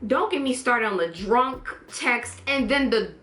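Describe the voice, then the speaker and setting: A woman vlogger in casual chatty review mode, animated and putting on playful voices to act out quotes. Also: on the high side, a little slow, roomy sound, soft background music.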